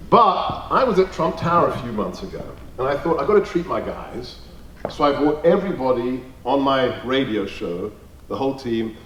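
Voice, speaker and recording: A man speaks to a crowded room, his pitch swinging widely as he tells emphatic, jokey stories. He sits a bit back from the microphone, and the hall's echo hangs on his words over a faint hum of ambience. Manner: animated, emphatic, jokey anecdotes. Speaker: guest speaker at a party meeting. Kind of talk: rally speech with storytelling. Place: meeting hall. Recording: roomy hall, distant mic.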